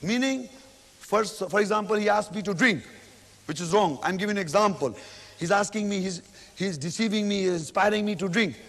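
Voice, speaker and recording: High-voiced male lecturer in a reverberant hall. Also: fairly bright tone. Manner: repetitive, explains each verse slowly, recites Arabic then translates. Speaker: Islamic lecturer. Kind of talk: religious lecture.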